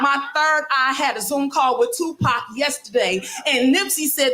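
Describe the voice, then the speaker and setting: A woman in her forties performing spoken word poetry live into a stage microphone, with emphatic, measured phrasing and long dramatic pauses. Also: a little high, animated, bright, forceful tone. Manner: mock-solemn, comic exaggeration.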